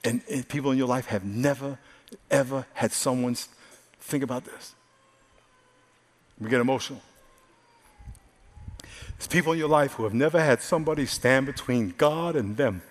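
A male pastor preaching a sermon, swinging from loud exclamations to hushed, earnest asides. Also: medium pitch, normal speed, long pauses. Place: large church hall. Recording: live sermon with hall reverb and faint music.

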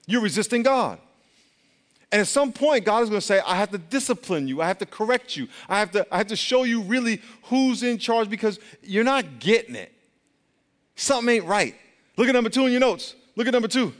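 A man preaching a sermon, swinging from loud exclamations to soft asides and acting out quotes. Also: high-pitched, in a large hall. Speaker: pastor.

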